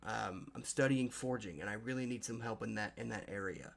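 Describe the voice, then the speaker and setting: A man's voice: fairly low pitch, a little fast, creaky. A man playing a flustered polite smith. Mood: apologetic. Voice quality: apologetic, rambling, flustered. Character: flustered, polite young male dwarf-ish smith.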